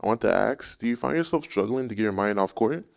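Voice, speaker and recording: A man from the audience asking a question quickly, with a gravelly, lowish voice. He sounds somewhat farther from the mic than the people on stage. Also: animated.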